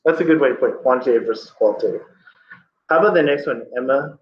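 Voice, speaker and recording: A man's voice: medium pitch, fast talker, a little hiss or hum. A man teaching a grammar class, emphatic and opinionated, explaining with examples. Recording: echoey room from far off, dull.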